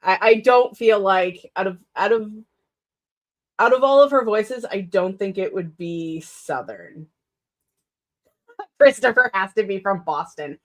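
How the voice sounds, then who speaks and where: A woman author with a mid-range voice chats casually on a writing stream, taking her time and pausing often. She rambles with lots of fillers and self-corrections, laughing frequently between sentences.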